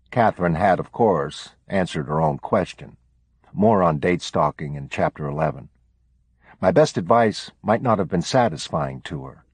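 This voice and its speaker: A man hosting a podcast, reading a book aloud in a steady, measured way. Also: deep voice, slightly rough, no room sound. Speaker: podcast host.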